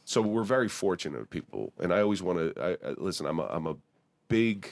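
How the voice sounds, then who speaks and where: A man's voice: sits low, very animated, fairly quick, vocal fry, dry recording. A man hosting a podcast interview, curious and rambling, often restarting his sentences. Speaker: podcast host. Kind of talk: casual interview.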